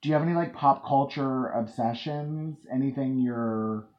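A woman hosting a podcast, chatting in an animated way, joking and swearing casually. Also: a bass voice, moderate pace, highs cut off. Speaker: podcast host.

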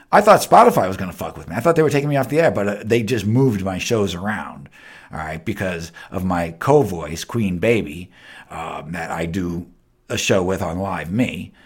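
A man hosting his own podcast, ranting heatedly with lots of swearing, jumping between loud outbursts and low mutters. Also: breathy edge. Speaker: podcast host. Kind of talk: unscripted solo rant.

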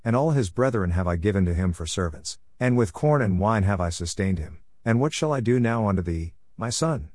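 A man's voice: lowish voice, animated, a little fast, few pauses, darkish tone, no echo, studio quality. A man reading the lines of an aged blind father, in a solemn King James cadence. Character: aged blind father blessing his sons.

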